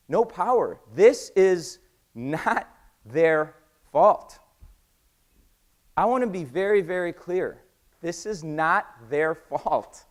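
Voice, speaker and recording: An American man giving an energetic conference talk, quizzing the audience and acting out conversations. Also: sits high. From United States. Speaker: conference speaker. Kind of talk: keynote talk with acted-out dialogue.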